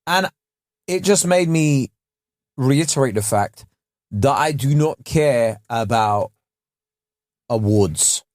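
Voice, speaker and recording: A man co-hosting a podcast, chatting in an animated, teasing way. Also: mid-range voice, takes it slowly, long pauses, no echo, clean studio sound. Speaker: podcast co-host. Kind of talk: casual chat.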